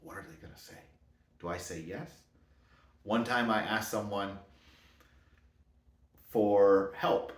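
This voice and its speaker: Man, lowish voice, casual rambling monologue, echoey room. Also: animated, takes it slowly, long pauses. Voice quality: talks in loose, rambling sentences with self-corrections. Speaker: motivational speaker.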